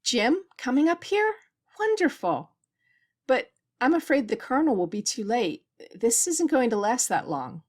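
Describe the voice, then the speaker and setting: A woman's voice: on the high side, sing-song, normal speed, few pauses, voice pushed up. A woman reading the lines of a young woman lieutenant in labor who answers with wry, spirited remarks. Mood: plucky.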